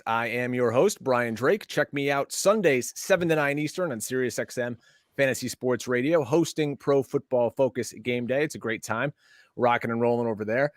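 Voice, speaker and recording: A man with a mid-range voice hosts with bouncy, chatty energy, mixing banter with quick plugs. The sound is close and dead, with almost no room around it. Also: medium pitch, no echo. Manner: upbeat, chatty, promo-style plugs. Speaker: podcast host. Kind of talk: lively show hosting, casual banter.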